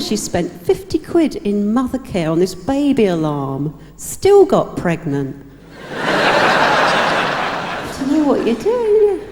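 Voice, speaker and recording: A woman's voice: medium pitch, dark tone, a little hiss or hum. A woman telling stand-up jokes in a chatty, wry way. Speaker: comedian. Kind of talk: stand-up routine. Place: live comedy stage. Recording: live hall reverb.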